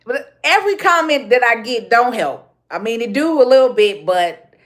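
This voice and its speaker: A woman's voice: on the high side, lively intonation, normal speed. A woman with a Chicago accent ranting live into her phone. She talks bluntly, circles back over the same points, and slips easily into street slang. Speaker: livestream host. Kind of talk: casual livestream rant.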